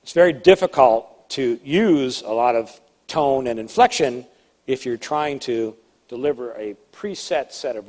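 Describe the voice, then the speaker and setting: A man leads a live seminar on presentation skills, talking in an emphatic, conversational way and slipping in playful asides. His voice sits at a middle pitch for a man. It rings out with a long reverb, as in a large hall.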